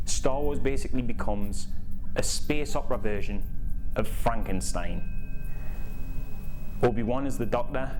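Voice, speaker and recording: A man tells a story in a casual, animated way, acting out the scenes as he goes. His voice sits at a middling pitch. Soft music plays faintly underneath. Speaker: YouTube creator.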